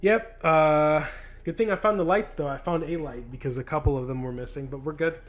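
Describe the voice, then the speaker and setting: A man's voice: a little high, fairly quick. A 20-year-old man telling a storytime vlog on a handheld mic in a home studio. He is frustrated and rambles, swearing often and restarting his sentences. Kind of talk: casual storytime monologue. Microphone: handheld microphone.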